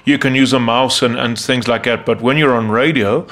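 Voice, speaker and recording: A man's voice: medium pitch, fairly even intonation, moderate pace, fairly bright tone. Man interviewer explaining at length. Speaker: interviewer and broadcaster. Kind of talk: casual interview talk.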